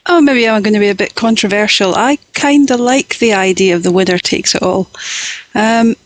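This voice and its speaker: A woman's voice: medium pitch, moderate pace, no echo, rough recording. A woman musing aloud as a podcast panel guest, thoughtful and hesitant with many restarts. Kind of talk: casual panel chat.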